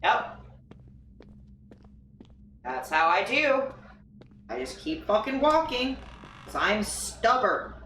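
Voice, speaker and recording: A woman's voice: a little high, sing-song, slow, pauses often, a bit bright, a little hiss or hum. A woman streaming a game live, exasperated and cursing at it as she plays. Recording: echoey room, distant mic.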